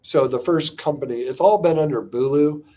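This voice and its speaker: Podcast guest, man in his forties, warm dark voice, animated candid storyteller, filler-heavy. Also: a little high, moderate pace. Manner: animated, frequent "like" fillers, restarts. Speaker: podcast guest, company co-founder and CEO.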